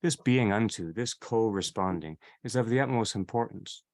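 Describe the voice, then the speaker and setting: Male seminar leader, slightly low pitch, measured reflective delivery, circles back on his own phrases. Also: darkish tone. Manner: repeats and rephrases, unhurried. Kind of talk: reflective theology lecture.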